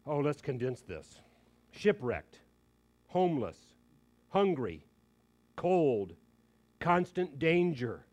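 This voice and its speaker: Emphatic preacher man, slightly high voice. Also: muffled recording. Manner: animated and emphatic, with quick joking asides. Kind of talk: sermon.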